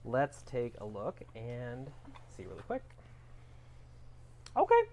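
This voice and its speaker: A woman game master narrates a tabletop game in a chatty, rambling way, full of fillers. Her voice is low but very lively in pitch. She sounds loose and conversational. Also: slow, a little hiss or hum.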